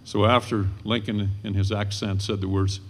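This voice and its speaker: An older man giving a storytelling history lecture to an audience, dramatic and swelling at the high points. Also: level tone, moderate pace, slight background noise.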